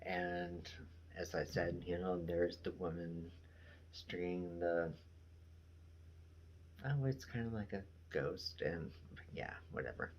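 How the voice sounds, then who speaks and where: A man with a low, deep voice recapping a TV episode in a loose, casual way. He talks slowly and unhurriedly, rambling along with fillers and trailing asides. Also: lo-fi sound, a little hiss or hum. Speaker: show reviewer.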